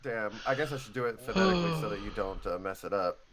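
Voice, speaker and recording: A man's voice: fairly low pitch, big pitch swings, fast, over a noisy crowd. Wry man in casual roleplay. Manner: wry, spells things out playfully. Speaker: roleplay police officer.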